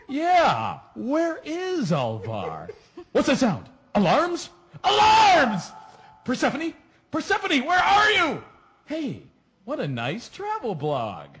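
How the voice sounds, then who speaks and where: An actor playing a tipsy, goofy male sidekick announcer who gives a wide-eyed comic recap with sudden shouts. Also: sits high, wildly swooping pitch, slow pace, background noise, exaggerated voice.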